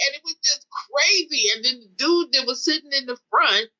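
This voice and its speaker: A woman's voice: sits high, a little fast, few pauses, highs cut off. A woman guest on a podcast, telling a story in casual talk and acting out the dialogue vividly. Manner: animated, vivid retelling with acted-out dialogue.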